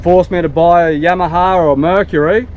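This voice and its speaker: An Australian man with a fairly high voice chats easily to his viewers from a small boat. His talk is relaxed and full of slang. An action camera picks him up over clear engine and wind noise. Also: a little fast, muffled recording. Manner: laid-back and chatty, with a broad slangy drawl. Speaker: fishing vlogger. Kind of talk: casual vlog talk to camera. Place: small open boat on the water. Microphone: action camera mounted on the boat.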